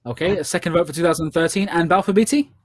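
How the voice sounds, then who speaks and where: A man with a Scottish accent hosting an online quiz in a chatty way, repeating each question slowly. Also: on the high side, no room sound. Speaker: quiz host.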